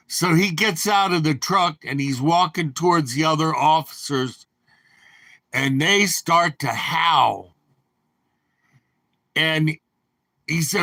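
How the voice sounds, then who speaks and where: A man's voice: a little high, slow, pushed and bright, no echo. An older man telling rambling, anecdotal stories in his own voice. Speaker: storyteller. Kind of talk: rambling storytelling.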